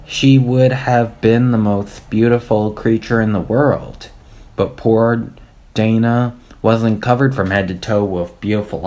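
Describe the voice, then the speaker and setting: A man reading a children's storybook aloud, telling it in a slow, deliberate way. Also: on the low side, a little mellow. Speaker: audiobook reader.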